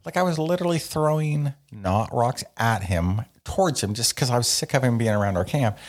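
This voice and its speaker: A man's voice: medium pitch, expressive, fairly quick. A man co-hosting a podcast, chatting casually and rambling with lots of fillers and jokes. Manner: rambling, filler-heavy, joking. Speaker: podcast co-host. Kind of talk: casual chat.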